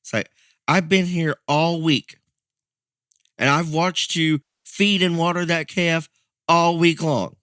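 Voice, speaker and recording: A man co-hosting a podcast, telling a story in a casual, animated way, laughing and acting out the people in it. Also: on the high side, slow, long pauses, no echo, studio quality. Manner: animated, laughing, acts out quoted voices.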